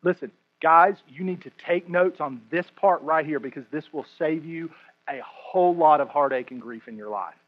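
Man, pastor, sermon, high voice, animated, joking, repeats words, muffled lo-fi recording. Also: normal speed.

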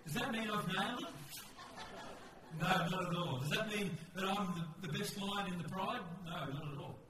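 A man's voice: high voice, fairly quick. A man preaching a storytelling sermon, candid and conversational, often restarting his sentences. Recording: echoey hall, distant mic, faint noise.

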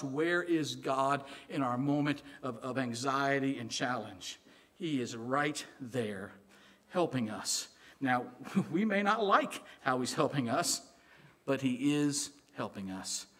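This pastor, a man from Illinois with a Southern accent, has a mid-range voice. He preaches a sermon in an animated, joking way, going quiet for emphasis.

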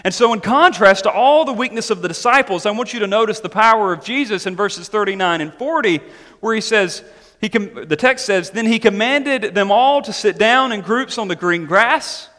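A man preaching a sermon, animated and emphatic, mixing scripture reading with chatty asides and questions to the congregation. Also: high voice, moderate pace. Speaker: pastor. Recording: long hall reverb.

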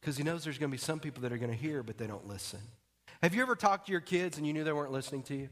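A pastor delivering a sermon in a casual, joking way, often dropping his voice low and soft to press a point home. His voice sits slightly higher than most men's. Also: racing. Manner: conversational and joking, drops to quiet emphasis.

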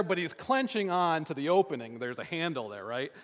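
Man, 30s, slightly high, bright voice; casual rambling storyteller full of fillers; long hall reverb. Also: animated, moderate pace. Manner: rambling, many fillers and restarts. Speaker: father telling a family story.

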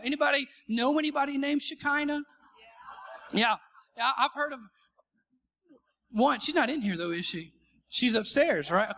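High, bright-voiced male preacher. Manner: joking, calls for responses from the congregation; self-deprecating humor. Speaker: pastor. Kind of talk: live sermon. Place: church sanctuary before a congregation.

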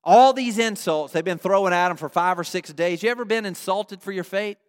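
High-voiced preacher in an echoing church. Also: male voice, brisk. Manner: animated storytelling, addresses the congregation with questions. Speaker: pastor. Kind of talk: sermon. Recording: long reverb of a large hall.

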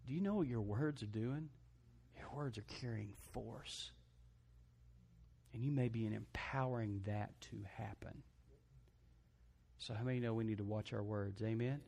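A man's voice: on the low side, measured pace, gravelly, pauses often, darkish tone. A man preaching a sermon, asking the congregation for amens and joking as he acts out other people's voices. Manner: preachy call-and-response, asks congregation for amens; jokey, acts out quoted voices. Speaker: pastor.

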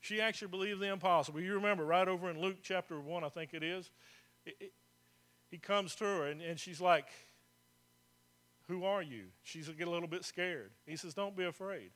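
Bright high-voiced male pastor preaching. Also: quick pace. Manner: conversational preaching with rhetorical questions to the congregation; repeats phrases for emphasis. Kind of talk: sermon.

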